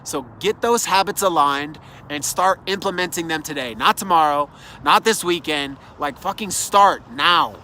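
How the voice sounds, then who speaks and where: A man's voice: on the high side, normal speed, sharp tone, slight background noise. A man giving an earnest, encouraging motivational talk that speaks straight to the listener, recorded outdoors. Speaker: self-development speaker. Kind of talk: motivational monologue.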